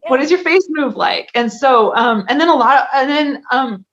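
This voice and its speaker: A woman's voice: high-pitched, moderate pace, fairly bright tone. A woman guest in a casual interview, talking chattily and laughing often. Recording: dull lo-fi audio.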